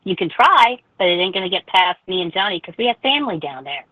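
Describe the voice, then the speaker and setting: A woman's voice: lowish voice, sing-song, fast talker, dry recording. A woman posing as a mother on a prank phone call, scolding and ranting in an indignant way.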